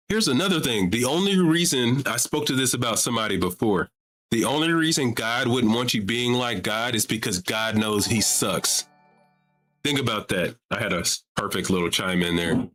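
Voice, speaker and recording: On a casual livestream about religion that takes calls, a man with a medium-pitched, slightly bright voice keeps hitting his audience with rhetorical questions in a relaxed manner.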